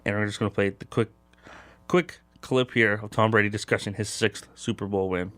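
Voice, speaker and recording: A man's voice: lowish voice, fairly even intonation, normal speed, a bit bright, dry recording. A young man hosting a casual sports talk show, rambling with lots of fillers. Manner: loose and rambling, many fillers.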